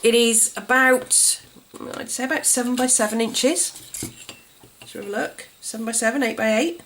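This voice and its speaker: A woman vlogging a gift guide in a chatty, enthusiastic way, her voice congested and a little gruff from a cold. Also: a little high, fairly even intonation, moderate pace, a bit bright, a little hiss or hum. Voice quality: slightly gruff. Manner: chatty, enthusiastic, self-described colouring book nerd. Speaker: craft vlogger. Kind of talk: casual gift guide chat.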